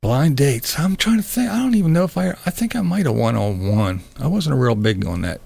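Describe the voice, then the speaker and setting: A man's voice: mid-range voice, very animated, a little fast, gravelly, mellow, breathy edge, no echo, studio quality. A middle-aged man hosting a live stream, chatting casually with viewers in a blunt, sarcastic way, swearing and laughing often. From Pennsylvania.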